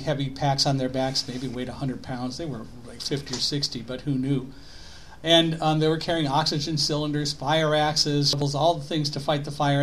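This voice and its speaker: A middle-aged man telling a story to an audience, animated and given to rhetorical questions. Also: fairly high pitch. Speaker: speaker. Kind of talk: storytelling talk.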